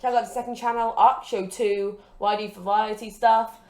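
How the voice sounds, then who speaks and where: A woman's voice: mid-range voice, fairly even intonation, normal speed, a little mellow. A woman hosting a gaming channel, casually narrating matches and rambling with jokes and plugs. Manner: rambling, joking, self-promoting. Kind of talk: casual game commentary. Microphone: desk mic with a broken stand.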